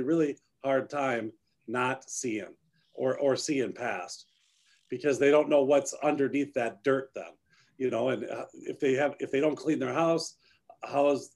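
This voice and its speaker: A man's voice: mid-range voice, a little mellow. A man hosting a casual chat, ranting emphatically and repeating himself for stress. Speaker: host.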